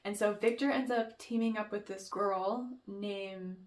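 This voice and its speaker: A woman's voice: medium pitch, steady tone, a little slow. A young woman chatting about her favorite books in a casual vlog, gushing and peppering her talk with "like" and "um". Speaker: book vlogger. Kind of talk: casual book review chat.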